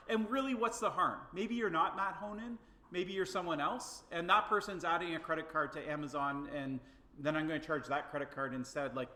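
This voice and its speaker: A man's voice: fairly high pitch, pushed and bright. A man giving a classroom lecture, telling a story in a chatty way and acting out the quoted dialogue, with frequent checks like "okay?" and "right?". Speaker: university lecturer. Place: lecture hall. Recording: echoey lecture room.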